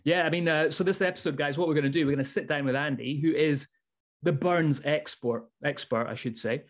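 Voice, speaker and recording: A man's voice: on the high side, fairly quick. A man hosting a podcast, chatting casually with upbeat banter and playing the hype man for his guest. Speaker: podcast host. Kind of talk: casual chat.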